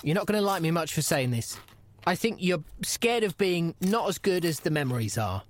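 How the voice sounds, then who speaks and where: A man's voice: a little high, very animated, moderate pace. A man playing a pushy, nagging podcast interviewer. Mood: pleading. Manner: pleading and nagging, rising to frantic shouts. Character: earnest male podcast interviewer, pushy and exasperated. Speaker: podcast host character. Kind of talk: comedy audio drama.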